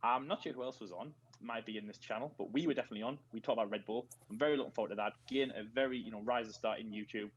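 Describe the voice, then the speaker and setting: A man's voice: mid-range voice, very fast, few pauses, slightly rough, highs cut off. Northeast English man hosting a call. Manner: joking, rambling introductions. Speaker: host. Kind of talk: casual group video call chat. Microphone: video call.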